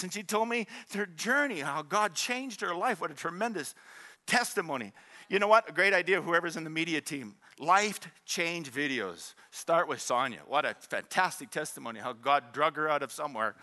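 A man, preaching a sermon in an animated, joking storytelling way and drawing in the congregation. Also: fairly high pitch, normal speed. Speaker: pastor.

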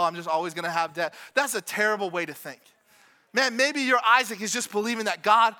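A man preaching a sermon in a conversational way, repeating phrases and dropping in quick asides. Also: high-pitched, sharp tone. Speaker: pastor. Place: church with congregation.

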